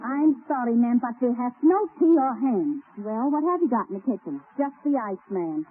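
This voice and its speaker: A woman's voice: on the high side, expressive, moderate pace, natural voice. A woman doing a bumbling French maid. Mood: flustered. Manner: mock French phrases, then slips back. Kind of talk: 1930s radio comedy sketch. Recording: tinny 1930s radio broadcast, faint hiss.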